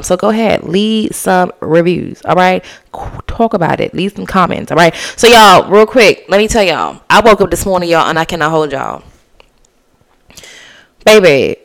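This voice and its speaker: Chatty, animated podcast host from the Bahamas. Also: medium pitch, vocal fry. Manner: chatty, animated, slangy, talks straight to listeners. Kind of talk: casual solo podcast chat.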